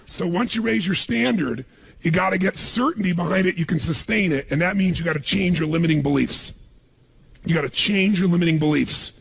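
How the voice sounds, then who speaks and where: Raspy, gravelly motivational speaker. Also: male voice, sits high, quick pace. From United States. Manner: emphatic, calls on the crowd to answer. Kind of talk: live seminar speech to an audience.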